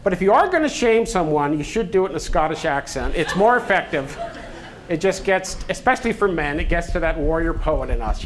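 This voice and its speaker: A man's voice: fairly high pitch, lively intonation. Joking man giving a medical talk. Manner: joking, halting with fillers. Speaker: physician presenter.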